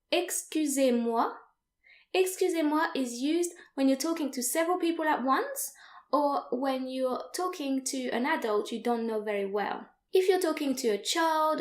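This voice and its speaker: Young woman, language teacher, higher voice, slow careful delivery, echoey room. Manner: slow, careful, repeats phrases for learners. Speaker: French teacher. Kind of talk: online language lesson.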